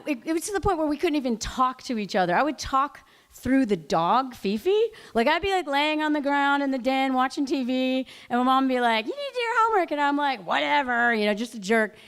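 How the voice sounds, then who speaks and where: A woman in her late thirties tells a personal story live, her voice sitting a little high. She talks in a loose, chatty way, stacking "like" fillers and laughing through the telling. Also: lively intonation, normal speed, a bit bright, clean tone. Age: late 30s.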